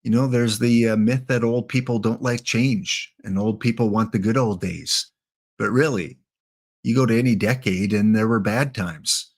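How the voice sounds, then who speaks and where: A man's voice: fairly low pitch, normal speed. Chatty Canadian man hosting a stream. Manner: joking, chatty, answers chat. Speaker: livestream host. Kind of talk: casual livestream chat.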